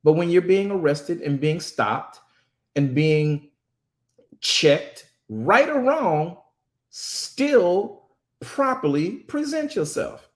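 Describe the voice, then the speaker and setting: A man's voice: sits high, lively intonation. A man who hosts and preaches on a talk show, emphatic and drawing out words to stress them. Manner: emphatic, drawn-out words for stress, quotes voices. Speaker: host and minister.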